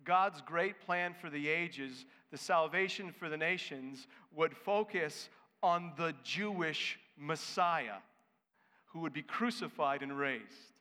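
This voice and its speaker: Sex: man. Role: pastor. Style: sermon, emphatic and conversational. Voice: high. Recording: echoey hall. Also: takes it slowly, sharp tone.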